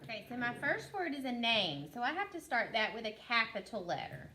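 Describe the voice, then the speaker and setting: A woman teacher giving a recorded phonics lesson to young children, sounding out words slowly and clearly and praising them. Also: a little high, sing-song, sharp tone, a little hiss or hum.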